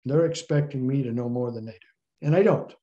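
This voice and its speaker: A middle-aged man, a guest in an interview, telling a long personal story in an animated way. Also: mid-range voice, fairly quick. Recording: slightly dull, lo-fi sound.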